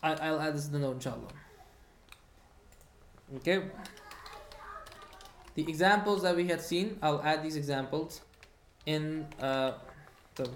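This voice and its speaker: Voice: mid-range voice, a little hiss or hum. Patient teacher in a roomy echo. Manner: patient, checks understanding with frequent "hmm?" and repeats key phrases. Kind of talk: online Arabic grammar lesson, reading student comments.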